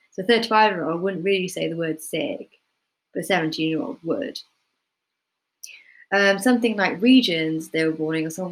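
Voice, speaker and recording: A woman with a fairly low voice explains dialogue writing to school drama students. Her delivery is relaxed and conversational, and she often fills pauses with ums and soft hedges as she goes. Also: poor audio. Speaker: playwriting tutor. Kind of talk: casual instructional talk to students.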